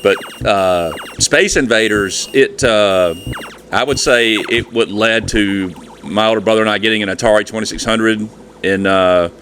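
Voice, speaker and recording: A man's voice: on the low side, measured pace, fairly bright tone, slight background noise. A man, reminiscing in a rambling, folksy way as host of a retro gaming channel. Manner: rambling, chatty, folksy storytelling. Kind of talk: nostalgic casual monologue.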